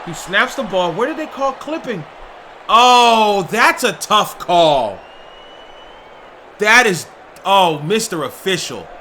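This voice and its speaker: A man doing excited play-by-play commentary on a football video game stream, often shouting and openly indignant about the officiating. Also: high voice, slow pace, long pauses, slight background noise.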